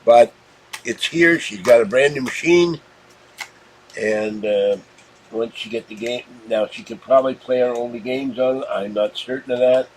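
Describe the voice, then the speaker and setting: A man's voice: mid-range voice, moderate pace, slight background noise, rough recording. A man from Pittsburgh hosting a casual unboxing vlog, talking to the camera in a rambling, meandering way. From Pittsburgh, USA. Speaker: channel host.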